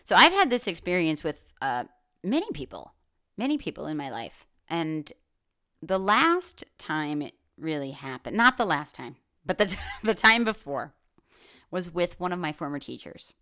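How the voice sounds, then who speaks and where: A woman's voice: lowish voice, very animated, normal speed, pushed and bright. A woman hosting a solo podcast, talking candidly and with plenty of swearing, saying "like" often and restarting her sentences. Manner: candid and profane, with lots of "like" and restarts. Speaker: podcast host. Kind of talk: casual solo podcast monologue.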